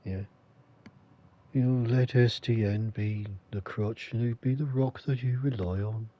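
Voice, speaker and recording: A man's voice: medium pitch, fairly even intonation, a little slow, dull audio. A man giving casual, rambling commentary as a game streamer at home. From England. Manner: rambling, chatty asides.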